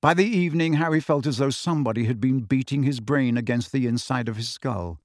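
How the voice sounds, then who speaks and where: A man narrates a scripted audiobook with expressive storytelling, his medium-pitched voice moving a little fast. The sound is dry and clean, from a studio.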